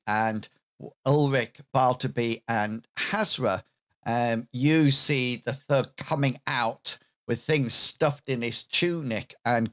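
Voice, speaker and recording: Slow, laid-back male game master. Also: medium pitch. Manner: relaxed, chuckling, with many fillers. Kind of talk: narrating a tabletop game over a video call.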